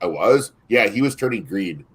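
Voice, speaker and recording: A man's voice: fairly low pitch, lively intonation, moderate pace, husky. A man co-hosting a casual chat, telling stories in a rambling way, with frequent restarts and laughs. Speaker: podcast co-host.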